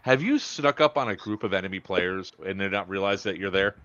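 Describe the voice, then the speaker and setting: A man with a low voice hosts a loose, casual chat. He rambles and stalls, full of fillers and restarts. The audio sounds dull and lo-fi. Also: lively intonation, fairly quick, a bit bright, a little hiss or hum. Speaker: podcast host.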